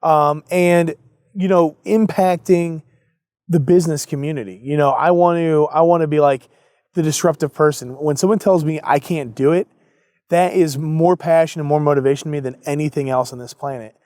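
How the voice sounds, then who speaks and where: A man's voice: fairly high pitch, steady tone, normal speed, darkish tone, dry recording, clean studio sound. A young adult man, an entrepreneur guest in an interview, telling his story casually and acting out both sides of past conversations.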